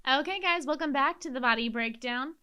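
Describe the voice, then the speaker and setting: A woman's voice: sits high, a little fast, sharp tone. A woman hosting a podcast, chatty and upbeat as she introduces the episode and jokes with her guests. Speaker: podcast host.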